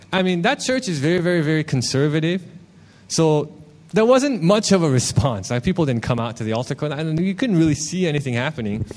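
A man preaching a casual, animated sermon, telling a personal story with frequent asides. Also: on the high side. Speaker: worship leader preaching.

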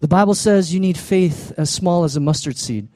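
High-voiced pastor preaching a lively sermon. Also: male voice, normal speed, dry recording. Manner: animated, acts out the people in the story; calls to the congregation for an amen.

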